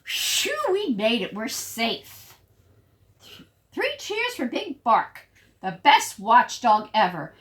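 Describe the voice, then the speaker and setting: A woman doing a squeaky cheering crowd of prairie dogs. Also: huge pitch swings, slow pace, exaggerated voice. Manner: squeaky, shouting, chanting.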